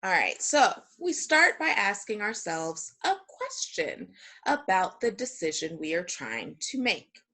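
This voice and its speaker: A woman's voice: mid-range voice, a bit bright, husky. Chatty woman teaching an online class. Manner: chatty, joking, self-deprecating. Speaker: parenting class instructor. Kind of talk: reading a story aloud.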